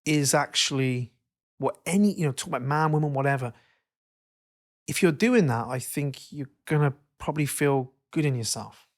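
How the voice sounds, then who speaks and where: A man in his late thirties hosting a casual podcast chat, animated and swearing, acting out quotes in put-on voices. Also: fairly high pitch, normal speed. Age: 30s. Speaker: podcast host.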